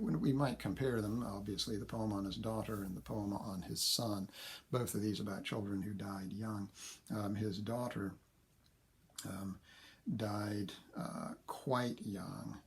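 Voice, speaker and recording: Low, gravelly man giving a lecture. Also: slight background noise. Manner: thinking aloud, frequent fillers and self-corrections; reads verse aloud slowly, tapping out meter. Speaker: literature lecturer. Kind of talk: recorded lecture.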